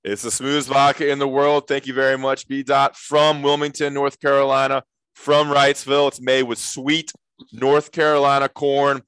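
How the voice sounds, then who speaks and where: A man's voice: mid-range voice, flat delivery, normal speed, a bit bright, clear, resonant tone, dry recording. A man hosting a sports podcast, chatting casually with a guest and moving into ad reads. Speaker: podcast host.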